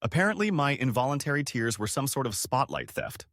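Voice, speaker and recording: A male narrator reads short stories aloud in a wry, storytelling way. His pitch rises and falls freely, and the sound is dry and close, with no room around it. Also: very animated, fairly quick, a bit bright, no room sound. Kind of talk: scripted narration of reader stories.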